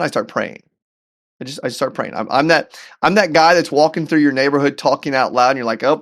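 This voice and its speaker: A man as a podcast guest telling a personal story in an animated, earnest way, often repeating words as he goes. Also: on the high side. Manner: faith-centered, earnest. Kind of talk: storytelling in conversation.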